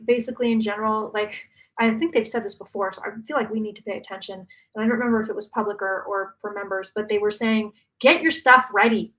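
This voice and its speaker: A woman psychic channeling predictions live, talking fast and emphatically with many restarts. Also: a little high, a bit bright.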